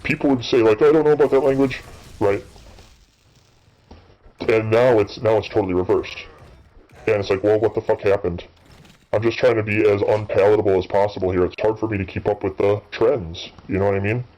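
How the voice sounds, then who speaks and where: A man's voice: fairly low pitch, level tone, normal speed, pauses often, a little mellow, dull audio. A man in his thirties rambling through casual, profane commentary while playing a game, full of fillers and restarts. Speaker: gaming channel host.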